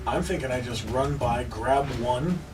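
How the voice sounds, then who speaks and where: A man's voice: medium pitch, unhurried, distant mic, music in the background, rough recording. A man playing a tabletop game, joking and talking casually with the table. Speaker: player.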